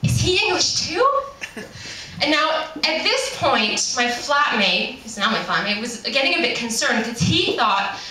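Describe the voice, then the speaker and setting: Brief: Canadian woman, high-pitched, comic storytelling, laughing often, recorded far off in an echoey, noisy room. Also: normal speed, hardly any pauses. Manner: lively, laughs often between lines. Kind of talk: humorous personal storytelling.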